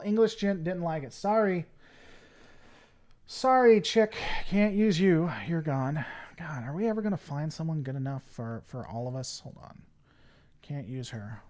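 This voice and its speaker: At his desk mic, a male livestream host talks casually, rambling between thoughts and reading viewer messages aloud to answer them as they arrive. His voice sits a little high and swings animatedly up and down.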